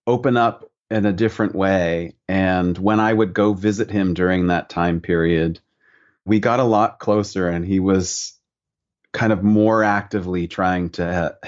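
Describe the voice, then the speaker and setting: A man from the United States, a guest painter on a podcast, talking in a relaxed, reflective way and telling stories. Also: deep voice, dull audio. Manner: reflective, storytelling.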